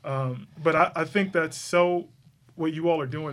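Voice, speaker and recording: A middle-aged man with a slightly raised pitch, hosting a relaxed conversation. He talks earnestly and with feeling, often stopping and restarting his sentences. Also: measured pace. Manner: earnest, emotional, many restarts. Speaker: host. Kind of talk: casual interview chat.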